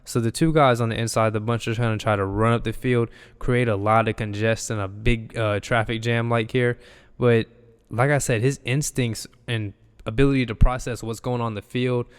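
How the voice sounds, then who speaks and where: A man's voice: mid-range voice, smooth, big-room sound. A young man, an enthusiastic football analyst, talking loosely through game film and repeating himself as he goes. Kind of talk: casual film breakdown.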